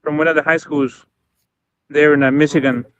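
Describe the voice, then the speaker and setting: A man chatting casually on a livestream as co-host, halting and restarting his sentences often. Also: fairly high pitch, flat delivery, smooth, no room sound, highs cut off.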